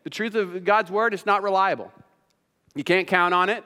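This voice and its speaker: A man's voice: high voice, moderate pace, pushed and bright. A man preaching a sermon as pastor, posing rhetorical questions and building emphasis as he teaches. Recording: long reverb of a hall.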